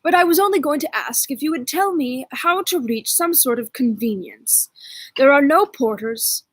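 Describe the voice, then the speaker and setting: Anxious young male tutor, haggard, courteous, hesitant, high-pitched, a woman reading the part. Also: expressive, normal speed, dry recording.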